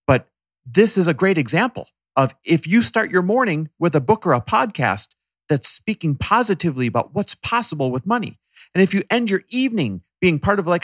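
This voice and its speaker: A man co-hosting a personal finance podcast, talking in an energetic, emphatic, motivational way. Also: sits high, no echo, clean studio sound. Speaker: podcast co-host. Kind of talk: casual podcast chat.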